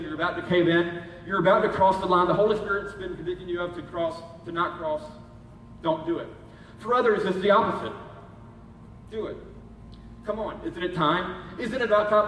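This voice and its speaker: A man's voice: sits high, a bit bright, slight background noise. A man preaching a sermon as pastor, urging and conversational in his manner. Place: church hall. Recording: echoey hall, heard from a distance.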